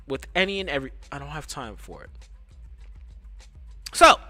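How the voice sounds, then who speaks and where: A male streamer rambles through a casual live storytime, cursing freely as he goes. His mid-pitched voice jumps around a lot and has a bright, sharp edge. Faint music plays under him. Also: moderate pace. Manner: animated, profane, rambling.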